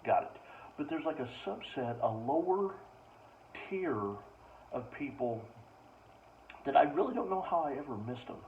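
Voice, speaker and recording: A man's voice: on the high side, lively intonation, moderate pace, long pauses. A man telling comic stories as a stand-up comedian, ranting with exasperation in a casual way. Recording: distant mic, dull lo-fi sound, faint ambient noise.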